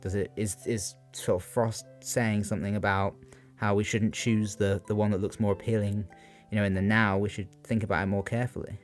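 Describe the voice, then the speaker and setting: Young man, lowish voice, unscripted revision talk, halting and questioning, faint music behind. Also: little pitch movement. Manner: hesitant, many ums and rhetorical questions. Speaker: student giving exam revision.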